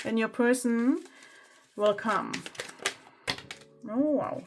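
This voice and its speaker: A woman's voice: on the high side, slow, pauses often, a little hiss or hum. A woman giving a pick-a-card tarot reading, chatting and exclaiming over the cards as she reads them aloud. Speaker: tarot reader.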